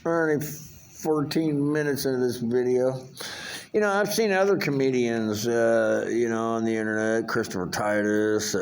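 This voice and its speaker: A man's voice: medium pitch, a little hiss or hum. An older man talks in a rambling, profane vlog monologue, full of fillers and restarts. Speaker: vlogger.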